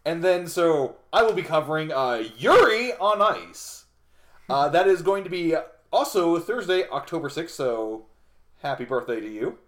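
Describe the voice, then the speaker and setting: A man's voice: fairly high pitch, expressive, unhurried. A man co-hosting a casual podcast chat, rambling and self-deprecating, with plenty of fillers and restarts. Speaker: podcast co-host.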